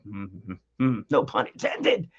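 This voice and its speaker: Speaking slowly and animatedly in a lowish voice, a middle-aged man rambles casually in a home vlog, laughing often and leaning on fillers. A dog is nearby, the lo-fi audio sounds dull, and there's slight background noise.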